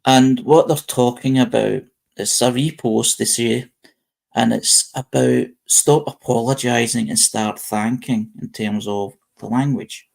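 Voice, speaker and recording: Gravelly-voiced British man chatting. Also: medium pitch, steady tone, measured pace, darkish tone. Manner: rambling, reads posts aloud with frequent restarts. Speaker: host. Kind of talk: casual live-stream chat.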